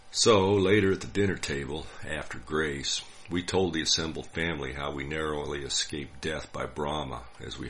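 An older man from the United States telling a personal story in a dry, wry, unhurried way. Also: a bass voice, fairly bright tone, slight background noise. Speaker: narrator. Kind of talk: scripted storytelling.

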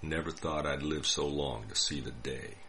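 A man voicing a glaring, resentful old Southern grandfather who mutters slowly and with hostility. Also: extremely low pitch, steady tone, bright, forceful tone, a little hiss or hum, exaggerated voice. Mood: contemptuous.

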